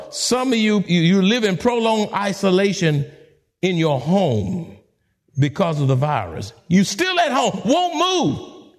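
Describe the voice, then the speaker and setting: A man as a pastor preaching a sermon, dramatic, swooping from soft to high.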